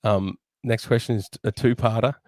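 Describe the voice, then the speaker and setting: A man co-hosting a podcast, reading out questions in casual banter with a deadpan manner and chuckles. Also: on the low side, moderate pace, dry recording. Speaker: podcast co-host.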